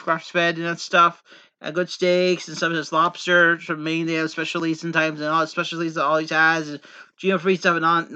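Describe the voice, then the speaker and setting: Vlogger, male, from Pennsylvania coal country: very sharp, bright tone, repetitive and earnest, lo-fi audio. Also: high voice, smooth. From Pennsylvania coal region, USA. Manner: rambling, repetitive, earnest, many false starts. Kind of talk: casual rambling monologue to camera.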